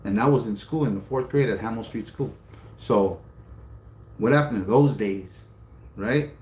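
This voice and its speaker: A man's voice: on the low side, normal speed, a little mellow. A man co-hosting a casual chat, telling a story animatedly, acting out the voices of others and swearing freely. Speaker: co-host. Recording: roomy with faint background noise.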